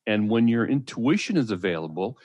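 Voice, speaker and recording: Male radio co-host, lowish voice, dry studio sound, earnest explainer. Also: very animated, fairly quick, darkish tone, no echo, dull audio. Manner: earnest, explaining, frequent fillers. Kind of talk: casual radio talk.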